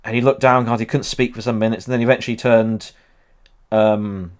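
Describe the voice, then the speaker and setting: A man's voice: lowish voice, steady tone, a little fast, smooth. Rambling man chatting on a livestream. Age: 30s. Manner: rambling with many ums, laughs often. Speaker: history channel host. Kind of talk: casual livestream chat.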